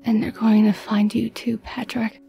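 A woman voicing a frightened, ghostly young woman in a horror audio drama, speaking in a soft, haunting, creaky whisper. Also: fairly high pitch, little pitch movement, moderate pace, faint music behind.

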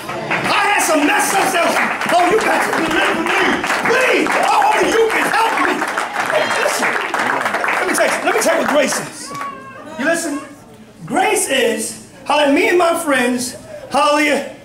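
A middle-aged man, a bishop preaching a sermon, telling stories with fervor and frequent shouts. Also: very high voice, noisy background. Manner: fervent, storytelling, often shouting. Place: church sanctuary. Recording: echoey church from a distance, congregation audible.

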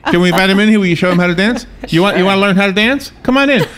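A man's voice: high voice, racing, fairly bright tone. A man hosting a casual live radio chat from a small studio in a mall, talkative and laughing often, with many restarts. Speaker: radio host.

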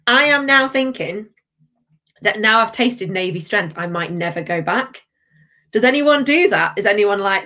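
A woman's voice: mid-range voice, pushed and bright. Chatty woman hosting a live tasting. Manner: chatty, bubbly, reads out viewer comments. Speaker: livestream host.

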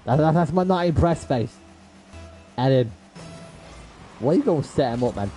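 A man's voice: mid-range voice, animated, normal speed, mellow, soft background music, rough recording. A man live-streaming a game, chatting with viewers in slangy talk, swearing and raging at plays, then apologizing. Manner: talks straight to chat viewers, slangy with lots of bro. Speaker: gaming livestreamer. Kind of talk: casual live commentary to chat while playing.

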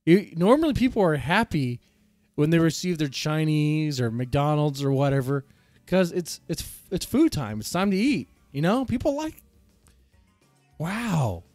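Man, stream host, casual reaction talk, sarcastic, animated pitch, dry sound. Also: measured pace, no echo, faint music behind. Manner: laid-back, sarcastic, jokes at the clip.

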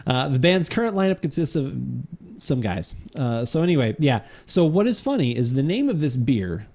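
Rambling, animated male podcast host. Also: a little high, normal speed. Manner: rambling, self-interrupting, laughs often. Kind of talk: casual live-stream chat. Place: home studio during a live stream.

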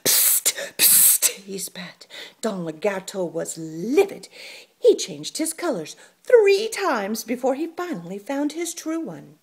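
A woman reading a children's picture book aloud, slow and playful. Her voice rises and falls widely, with a gravelly, husky texture. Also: a little high. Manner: expressive, playful. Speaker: storyteller. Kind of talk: children's story read-aloud.

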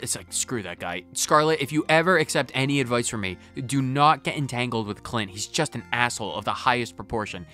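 A man gives casual gameplay commentary in a bright, sharp-edged voice, rambling and talking to himself. He drifts off on tangents, trails off, and his loudness jumps now and then. Faint game music runs under his talk. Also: medium pitch, sing-song, normal speed. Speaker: gaming video host. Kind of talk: casual let's-play commentary.

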